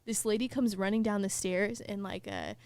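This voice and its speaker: In a dry recording, a young woman who hosts a podcast shares a story in casual conversation, full of "like" and laughs that land mid-sentence. Her voice is mid-range at a moderate pace, and her storytelling is animated.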